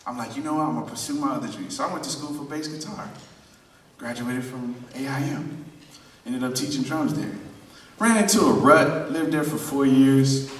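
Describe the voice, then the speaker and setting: A man in his thirties telling his life story to a live audience at a drum clinic, animated and laughing often. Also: mid-range voice, moderate pace, recorded from a distance, a little hiss or hum. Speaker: drummer giving a clinic talk. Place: large hall at a drum event. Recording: echoey hall, voice from afar.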